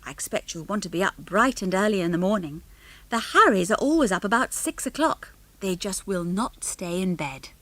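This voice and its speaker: A woman's voice: mid-range voice, expressive, moderate pace, fairly bright tone, no echo. Woman doing a harried, kindly farm wife in a storybook, homely and fussing, dry and close.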